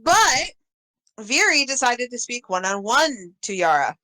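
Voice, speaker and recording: A woman running a tabletop game recaps the last session, taking her time. Her voice is bright and clear, and she laughs easily between lines. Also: a little high, very animated, takes it slowly, rough recording. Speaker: game master.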